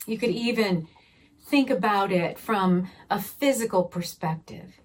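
A middle-aged woman pastor, teaching a Bible study gently and unhurriedly and leading softly spoken prayer. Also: medium pitch, unhurried.

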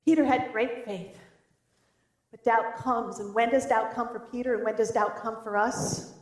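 A woman pastor preaching a sermon, telling the story in a lively, animated way. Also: on the high side, moderate pace. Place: church. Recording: roomy church echo.

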